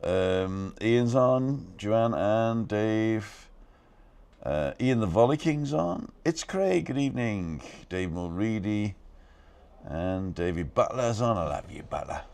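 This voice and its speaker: A man hosting a casual live stream from a balcony, talking fast and reading out viewers' comments and names. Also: lowish voice, animated, vocal fry, darkish tone, clean tone. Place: balcony outdoors.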